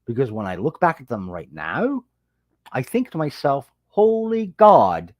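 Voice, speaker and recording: A man hosting a casual livestream, telling a story in a lively way and greeting viewers as they join. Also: moderate pace, no room sound, muffled recording. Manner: animated storytelling, jumps high when quoting people. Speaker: livestream host and fantasy author. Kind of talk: casual rambling livestream chat.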